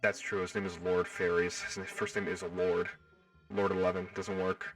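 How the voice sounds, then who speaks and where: A man hosting a livestream, chatting casually with his viewers in an excitable, rambling way and riffing on the same joke over and over, his voice stuffed up and hoarse. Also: deep voice, normal speed, distant mic, soft background music. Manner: excitable, rambling, riffs and repeats himself. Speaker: livestream host. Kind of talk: casual chat with live viewers.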